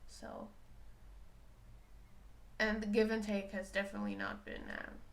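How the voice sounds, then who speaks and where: Creaky-voiced woman, candid and emotional. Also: mid-range voice, sing-song, unhurried. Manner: candid, emotional, self-questioning. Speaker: spiritual reader. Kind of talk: personal reflective talk.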